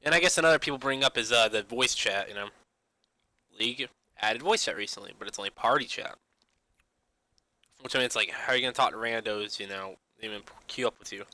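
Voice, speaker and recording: A young man rattles on at a fast clip in a very bright, sharp-edged voice, stuffing "you know" into almost every phrase. His loose, rambling rant is full of restarts and casual swearing. The sound is dry and close, with no room around it. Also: medium pitch, no echo, poor audio. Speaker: gaming vlogger.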